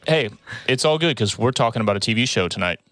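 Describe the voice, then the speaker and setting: A man's voice: medium pitch, fast, no echo, clean studio sound. Joking man hosting a podcast. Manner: animated, joking, rambling, speeds up when excited. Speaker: podcast host. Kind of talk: casual podcast chat.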